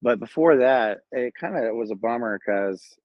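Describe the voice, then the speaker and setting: A man's voice: medium pitch, animated, normal speed, dry recording. A man from Southern California with a Southern Californian accent, casually telling his own story in a rambling, laid-back way with lots of fillers and restarts. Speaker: Marine Corps veteran telling his story. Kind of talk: casual first-person storytelling. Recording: dull lo-fi, dry sound.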